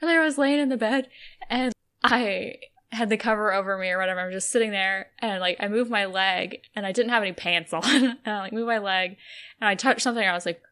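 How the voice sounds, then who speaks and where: A woman in her thirties co-hosts a casual podcast, talking candidly and swearing freely. She tells stories with frequent laughter, and her voice sits at an ordinary middle pitch. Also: fast talker, pushed and bright. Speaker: podcast co-host. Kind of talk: casual chat.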